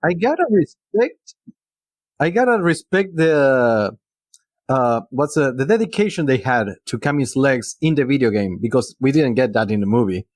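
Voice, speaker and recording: Lively laughing man in casual chat. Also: medium pitch, moderate pace, no room sound, studio quality.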